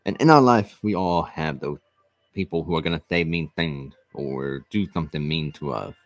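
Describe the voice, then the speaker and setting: A man with a very low voice tells a personal story straight to the camera. He speaks earnestly and haltingly, circling back and repeating phrases as he goes. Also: no room sound. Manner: earnest, repetitive, halting restarts. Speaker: vlog host.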